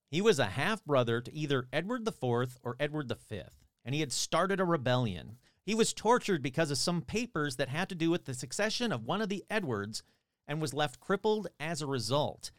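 A man's voice: a little high, no echo, clean studio sound. A man casually retelling a strange tale, with sarcastic, irreverent asides and the odd swear. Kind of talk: casual storytelling narration.

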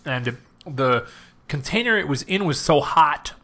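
Laid-back swearing young man, bright tone. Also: on the high side, animated, unhurried. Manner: laid-back, swears casually, dry teasing. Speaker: podcast co-host. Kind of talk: casual food review chat.

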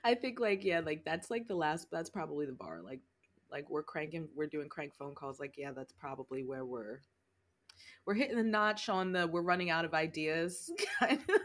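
A woman with a fairly low voice talks through her thoughts on a podcast. Her sentences wander and restart, padded with fillers, in an easy conversational tone. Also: lively intonation. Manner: rambling, halting, many fillers and laughs. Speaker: podcast co-host. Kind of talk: casual chat.

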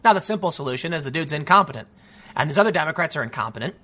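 A man's voice: on the high side, lively intonation, very fast, sharp tone. A man giving solo political commentary as host, ranting in a frustrated, emphatic way with many restarts.

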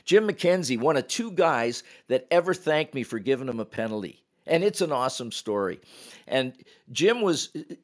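Older guy, retired ref, telling stories on a podcast, gets loud doing the quotes. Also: mid-range voice, moderate pace. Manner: animated anecdotes, acts out quotes with raised voice. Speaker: retired hockey referee, guest. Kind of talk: casual storytelling.

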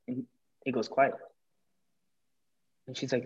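A man's voice: mid-range voice, unhurried, long pauses. A young man on a podcast telling a personal story casually, swearing and acting out what people said. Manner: animated, swearing, acts out quotes. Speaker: podcast guest. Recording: dull lo-fi audio.

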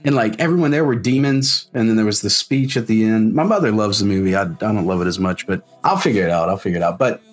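A man's voice: on the low side, fast talker, few pauses. A man from the South, a musician telling stories in casual chat, rambling and full of fillers. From South Mississippi. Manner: rambling, many "like" fillers, swears freely. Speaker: musician guest.

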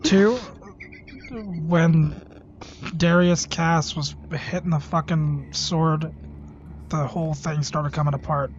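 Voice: medium pitch, steady tone, slow, long pauses, dull audio, slight background noise. A player speaking in character at a tabletop game, blunt and offhand, swearing. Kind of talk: in-character tabletop role-play.

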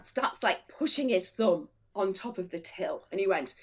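A woman's voice: medium pitch, lively intonation, moderate pace, slight background noise. A middle-aged woman, an illustrator, telling a funny story on a chat show and laughing through her lines. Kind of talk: comic anecdote on a chat show.

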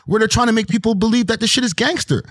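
High-pitched emphatic man. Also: very fast, no room sound, studio quality. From Toronto, Canada. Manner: emphatic, animated, slangy storytelling. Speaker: podcast guest. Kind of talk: casual podcast conversation.

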